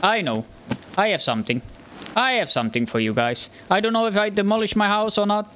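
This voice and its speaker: A man's high voice comes out fairly quick and sharp as he provides let's play commentary with slight background noise behind him. The gamer is jumpy and frightened, muttering nervously to himself and yelping when startled.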